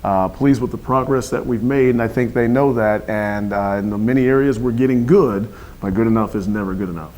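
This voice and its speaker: A man who is a football head coach, hoarse from yelling, talking earnestly in a radio sports interview with many fillers. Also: fairly low pitch, brisk, few pauses, slight background noise, poor audio. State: hoarse, lost his voice.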